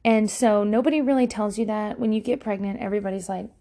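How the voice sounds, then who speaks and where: A woman's voice: mid-range voice, fast, dark tone. A woman in her thirties hosting a podcast, ranting casually with lots of swearing and sarcasm. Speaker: podcast host. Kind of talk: casual monologue.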